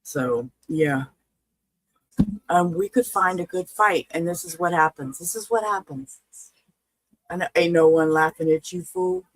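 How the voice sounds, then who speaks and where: A woman's voice: low-pitched, steady tone, unhurried, no room sound, poor audio. A woman hosting a livestream in casual chat, talking in a chatty, frustrated way about her stream failing. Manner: chatty, frustrated, swearing and laughing. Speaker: livestream host reacting to body cam videos.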